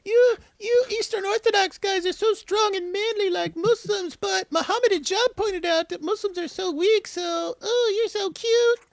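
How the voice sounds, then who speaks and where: A man's voice: very high voice, normal speed, gravelly, hardly any pauses, no echo. A man doing a giggly, swooning young woman. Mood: gushing.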